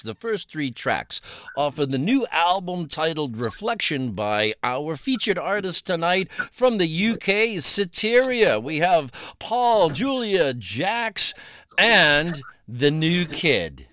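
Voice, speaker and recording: A man's voice: fairly high pitch, pushed and bright, dry recording, studio quality. A man hosting a casual podcast interview, joking and rambling as he talks. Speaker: podcast host.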